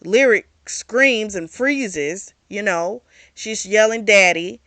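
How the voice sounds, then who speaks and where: Casting note: woman book-club host, bright lively delivery, casual and blunt, dry close sound. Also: medium pitch, slow, no room sound. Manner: animated, swears freely, quotes characters.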